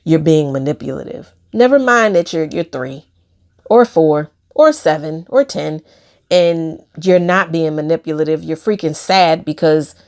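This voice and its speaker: In a reflective personal video diary, a woman vlogger speaks in a low, animated voice at a measured pace. Soft-spoken and hesitant, she uses many fillers and laughs softly while talking about pain.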